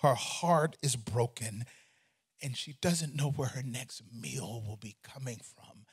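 A man, a pastor, preaching a sermon in an animated, conversational way with humor and repeated phrases. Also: mid-range voice, slow pace, breathy edge.

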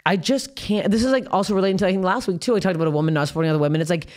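A woman in her thirties, a stand-up comedian co-hosting a podcast, telling stories in a fast, profane, animated way. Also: lowish voice. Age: 30s. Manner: fast, profane, animated retelling with acted quotes. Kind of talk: casual chat, storytelling.

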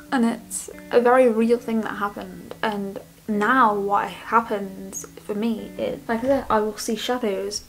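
A young woman, speaking candidly and rambling in a personal vlog from her student flat bedroom. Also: medium pitch, gravelly, poor audio. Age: young adult. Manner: candid, rambling, restarts often. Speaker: vlogger.

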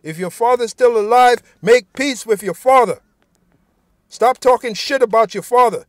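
A man's voice: extremely high pitch, moderate pace, dry recording, studio quality. A man giving an informal sermon, reading scripture aloud and speaking bluntly and profanely, often tacking "man" onto his sentences. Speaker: preacher.

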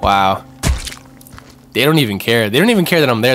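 A gaming channel host commentates a let's-play in a medium-pitched voice, speaking fairly quickly. His talk is casual and slangy, and he gets excitable, yelping and repeating himself as tension builds. Game music plays loudly underneath.

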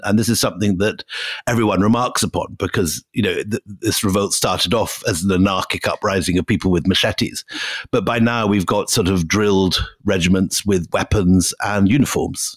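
Male podcast co-host, deep-ish voice, casual history chat, stumbles and repeats words. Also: no echo. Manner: halting, repeats words while thinking.

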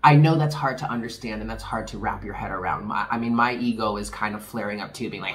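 A man's voice: fairly low pitch, quick pace, few pauses, a bit bright. A man doing a casual tarot reading for viewers, chatty and candid, laughing often. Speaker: tarot reader.

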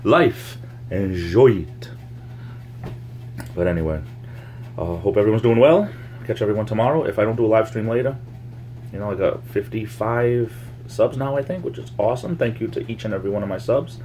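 A man's voice: lowish voice, quick pace, warm tone, a little hiss or hum. A man vlogging casually from home, rambling in a meandering way, repeating his phrases and making up words as he goes. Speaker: YouTube vlogger. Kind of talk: casual rambling monologue to camera. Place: home, near the laundry.

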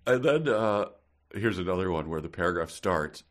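A man's voice: sits low, lively intonation, moderate pace. A man co-hosting a podcast, chatting about a book in a dry, incredulous, mocking way. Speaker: podcast co-host. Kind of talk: casual comedic book discussion.

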